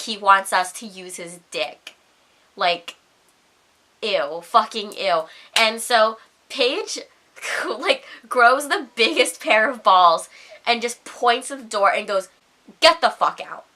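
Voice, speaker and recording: A young woman vlogger telling a storytime rant, animated and profane, with lots of "like". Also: mid-range voice, slow pace.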